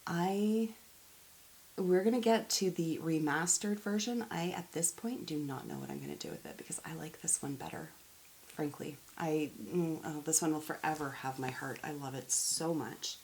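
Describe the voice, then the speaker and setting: A chatty woman talks through her makeup collection in a low, easy voice. She trips over words and pokes fun at herself as she goes. A faint hiss sits under the recording. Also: expressive, moderate pace, darkish tone, poor audio. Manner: chatty, self-deprecating, stumbles over words and laughs at herself. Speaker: beauty YouTuber. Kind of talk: casual chat to camera.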